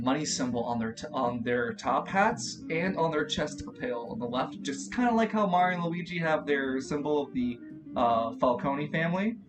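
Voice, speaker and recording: A man narrating as game master of a tabletop game, his voice a bit on the high side. He talks in a rambling way, often stopping to correct himself, while guitar music plays clearly behind him. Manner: rambling, self-correcting, laughing asides.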